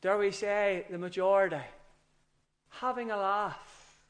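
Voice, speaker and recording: Man, preacher, sermon, unhurried delivery, earnest, forceful climaxes. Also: sits high, fairly even intonation. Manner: earnest, emphatic preaching with rising outbursts.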